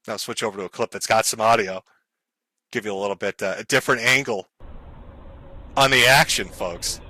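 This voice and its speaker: A man's voice: lowish voice, a little fast, pauses often, bright, forceful tone, no echo. A man giving mocking, sarcastic livestream commentary, laughing often and apologizing in mock seriousness. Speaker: streamer.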